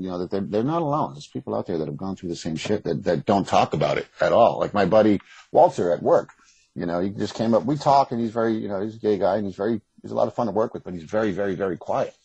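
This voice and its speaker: Male interview guest, low husky voice, fast and blunt. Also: dark tone, dry recording, poor audio. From Boston area. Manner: rambling, frank, swears freely. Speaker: author and guest. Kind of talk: casual interview conversation.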